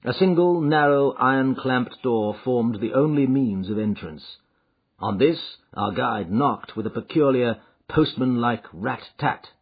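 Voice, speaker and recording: A man narrating a classic detective audiobook in a measured, even storytelling manner. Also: medium pitch, slightly rough. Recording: slightly muffled lo-fi audio.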